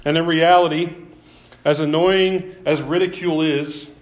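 A man teaching a Bible class in a relaxed, conversational way. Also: a little high, a little slow. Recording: echoey room.

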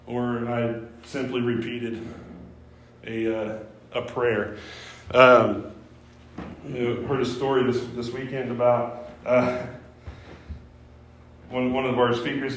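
A man's voice: medium pitch, little pitch movement, a little slow, pauses often, a little hiss or hum. A man preaching a sermon as pastor, emphatic and prone to restarting his words. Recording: roomy echo.

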